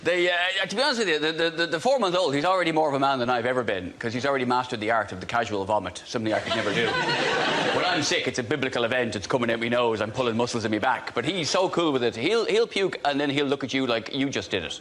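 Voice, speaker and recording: A man's voice: medium pitch, expressive, fast talker, very noisy. A man doing a dry, self-mocking stand-up routine on a TV panel show, with hesitant fillers. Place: TV studio with a live audience.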